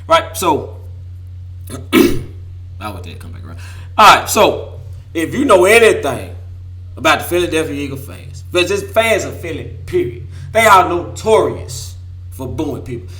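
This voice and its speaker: A man from Memphis, hosting a casual sports talk show, hoarse from losing his voice and trash-talking with bursts of laughter. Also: mid-range voice, bright, forceful tone. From Memphis, Tennessee. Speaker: host.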